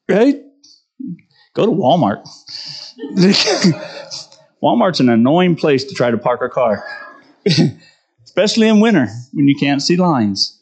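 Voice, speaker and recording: A man's voice: a little high, very animated, slow pace, pauses often, husky. Chatty man preaching a casual sermon. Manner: conversational, self-deprecating, tags lines with "right?". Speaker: pastor.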